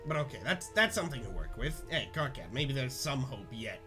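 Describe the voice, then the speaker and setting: Man voicing a laid-back teen boy, slangy, rambling, animated pitch. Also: brisk, music in the background, close to an everyday voice. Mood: earnest rambling. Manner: slangy, rambling, cool-guy delivery. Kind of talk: comic reading of a webcomic.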